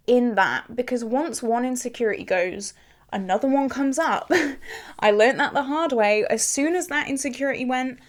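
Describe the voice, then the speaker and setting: A woman's voice: a little high, moderate pace. A young woman in her twenties talking casually to camera while doing her makeup, frank and chatty with lots of "like" fillers. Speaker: beauty vlogger.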